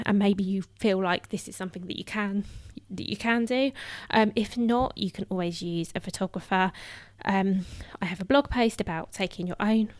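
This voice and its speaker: Female solo podcast host, mid-pitch, a little breathless, chatty with lots of ums, dry close recording. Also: no room sound. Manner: chatty, full of "um" fillers and restarts. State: somewhat out of breath.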